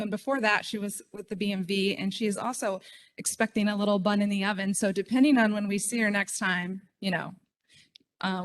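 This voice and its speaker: A middle-aged woman speaks at a conference podium. Her delivery is chatty and self-deprecating, full of ums and quick asides as she talks to the room. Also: medium pitch. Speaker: state official speaking at a conference. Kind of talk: conference speech.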